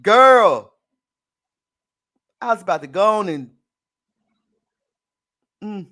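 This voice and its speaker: High-voiced male host, live-stream talk show: reads the news, then sassy asides to "girl" and "honey", chatty, laughs a lot. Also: unhurried. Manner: chatty, laughs often, addresses the audience as y'all. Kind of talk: casual live-stream commentary reading news aloud.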